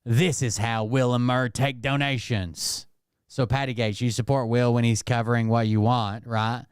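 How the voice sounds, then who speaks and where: A man's voice: medium pitch, level tone, normal speed, smooth, no room sound, studio quality. A man doing casual, sarcastic live-stream commentary, mocking and swearing as he reacts.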